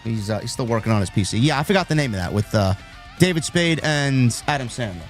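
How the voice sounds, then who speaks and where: Speaking fast at medium pitch with lively intonation, a New York man hosts a wrestling live stream over soft background music. His casual talk rambles, he restarts frequently, and he reads messages from viewers aloud.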